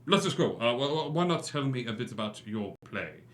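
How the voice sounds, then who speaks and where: A man's voice: medium pitch, sing-song, a little fast, a bit bright, echoey room. A man voicing an eager, polite male theatre manager who stammers a little.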